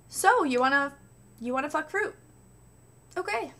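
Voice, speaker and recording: A woman's voice: high-pitched, expressive, unhurried, pauses often, fairly bright tone. A woman vlogger giving comedic commentary with a sarcastic, mock-serious delivery and frequent laughs. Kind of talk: comedic vlog.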